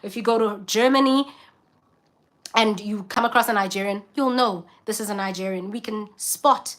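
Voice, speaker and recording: Blunt South African woman, bright voice. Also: medium pitch, normal speed. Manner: blunt, emphatic and opinionated. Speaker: vlogger. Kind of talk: casual vlog rant to camera.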